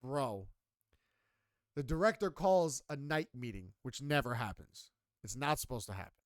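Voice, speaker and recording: A young man co-hosting a podcast, telling a story in a casual, animated and heavily profane way. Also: mid-range voice, moderate pace, dry recording, studio quality. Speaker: podcast co-host.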